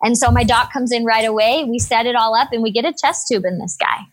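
A young woman who works as an emergency room nurse tells a story in conversation, upbeat, energetic and expressive. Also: a little high, fast.

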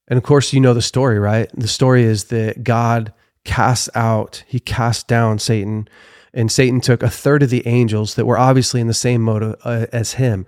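A man's voice: mid-range voice, steady tone, a little slow, a little mellow, dry recording. Earnest man teaching, dry close sound. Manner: earnest, reads scripture aloud, frequent self-corrections. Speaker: podcast guest speaker. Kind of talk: conversational faith teaching.

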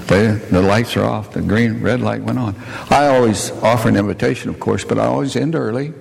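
This man's voice sits fairly low and sounds creaky as he, a preacher and missionary, delivers a plainspoken storytelling sermon to his congregation. Warm asides to the people in the sanctuary pepper his folksy talk. The audio carries long church reverb with faint noise.

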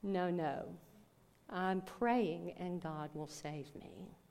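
A woman's voice: fairly low pitch, extremely slow, a little mellow. A woman voicing a desperate man trapped in a flood who keeps crying out in prayer. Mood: pleading. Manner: pleading, repeated cries.

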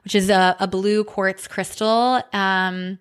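A woman hosting a podcast, telling a personal story in a candid, animated way, with many fillers and some swearing. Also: medium pitch, slow, smooth. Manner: seen on camera holding crystal wands. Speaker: podcast host. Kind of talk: personal reflective monologue.

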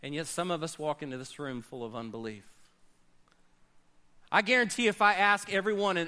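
A man preaching a sermon as pastor, swinging between loud bursts and quiet low asides.

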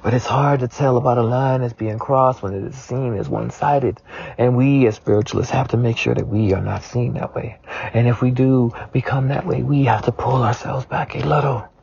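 Man, tearful spiritualist, very husky, gravelly, raw swearing monologue. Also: medium pitch, steady tone, normal speed, a little mellow. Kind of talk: emotional personal monologue. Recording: dull lo-fi recording.

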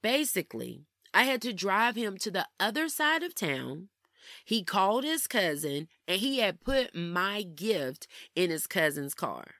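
A young woman recounts a personal story to her viewers in a casual, animated voice, turning to them with "y'all" again and again. Her voice sits in a middle pitch range for a woman. The recording is dry and close, with no room sound. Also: unhurried, no room sound. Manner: animated, addresses listeners as "y'all". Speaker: vlogger.

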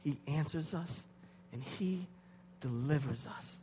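A man in his thirties preaching a sermon, dropping to hushed tones and rising to loud, pleading intensity. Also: a little high, slow pace. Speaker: pastor. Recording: hall reverb with faint hum.

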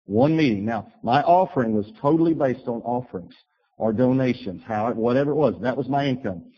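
Man preacher, husky, storytelling sermon, muffled lo-fi sound. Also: mid-range voice, a little fast. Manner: storytelling, animated bursts when quoting himself. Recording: dull lo-fi recording.

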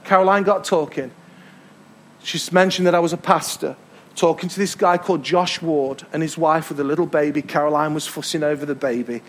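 English pastor preaching, high and storytelling. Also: male voice, steady tone, a little fast. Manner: storytelling, emphatic repetitions. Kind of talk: sermon. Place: church hall.

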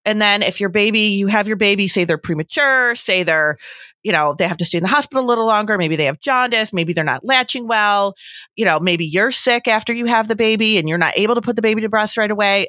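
A woman's voice: mid-range voice, bright, forceful tone, dry recording, studio quality. A young adult woman giving earnest, chatty advice on feeding babies, often slipping into quoted asides. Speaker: breastfeeding expert guest. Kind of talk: casual advice chat.

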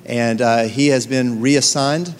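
A man's voice: mid-range voice, steady tone, slow. A male pastor making church announcements, thanking members, with frequent hesitant fillers. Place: large church sanctuary. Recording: long church reverb, faint crowd and noise.

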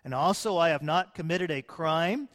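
A man preaching who reads a faithful prophet's reply in a polite, steady voice. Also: on the high side, normal speed, natural voice. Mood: calm. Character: calm faithful male prophet, respectful. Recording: long hall reverb.

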